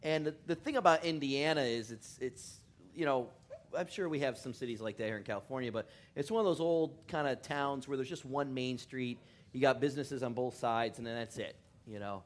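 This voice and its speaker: A man's voice: medium pitch, a little fast. A male pastor giving a loose, joking sermon in a church, often chuckling, making fun of himself and rambling between asides. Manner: chuckling, self-deprecating, rambling. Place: church in California.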